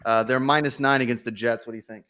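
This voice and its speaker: A man's voice: medium pitch, fairly even intonation, fast, pushed and bright. A man hosting a casual sports betting chat, easygoing as he runs the round-table. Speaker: host.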